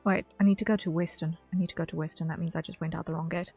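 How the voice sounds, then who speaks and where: A woman's voice: lowish voice, steady tone, racing, darkish tone, breathy edge, faint music behind. A young woman streaming from home at her desk mic, chatting casually while playing, rambling and correcting herself. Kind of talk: casual gameplay commentary.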